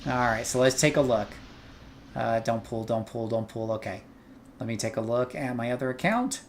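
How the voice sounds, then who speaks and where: A man's voice: medium pitch, normal speed, a little hiss or hum. A man hosting his own gaming livestream, joking easily and thinking aloud while he plays. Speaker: streamer host. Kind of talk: casual gaming livestream commentary.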